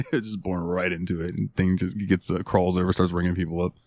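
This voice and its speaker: A man's voice: animated, moderate pace, darkish tone, a little hiss or hum. A man hosting a casual gaming podcast, telling profane, rambling stories with bursts of mock outrage. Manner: rambling, profane storytelling with bursts of exaggerated high-pitched outrage. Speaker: podcast host.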